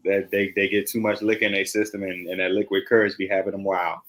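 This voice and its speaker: A man co-hosting a casual podcast, talking in a relaxed, hesitant way full of "you know" and "um". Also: low voice, quick pace. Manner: relaxed, hesitant, heavy on fillers. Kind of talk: casual chat.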